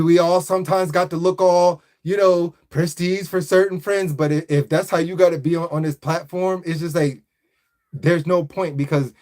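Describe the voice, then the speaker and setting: High-voiced man rambling on a livestream. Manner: rambling, slangy and animated. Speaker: livestream host. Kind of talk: casual live chat.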